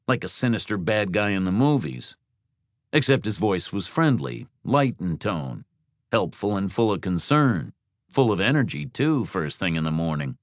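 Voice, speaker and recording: Low-voiced male audiobook narrator. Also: big pitch swings, moderate pace, no echo, clean studio sound. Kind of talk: scripted narration.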